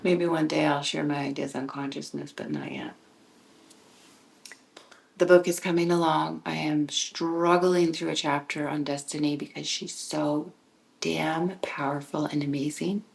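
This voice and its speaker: A woman hosting her own podcast, talking in a reflective solo monologue, musing and sometimes dropping into a soft whisper, with frequent restarts when she gets excited. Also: low-pitched, a little slow, vocal fry, poor audio. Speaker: podcast host and author.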